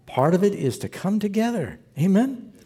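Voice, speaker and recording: Male pastor, sermon, mellow husky voice, long hall reverb. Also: mid-range voice, lively intonation, moderate pace. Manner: earnest storytelling preacher, exhorting the congregation.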